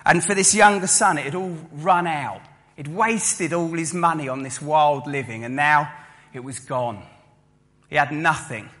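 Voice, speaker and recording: A man preaching a sermon, telling a story lively and acting out the listeners' voices. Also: fairly high pitch, a little slow. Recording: long hall reverb.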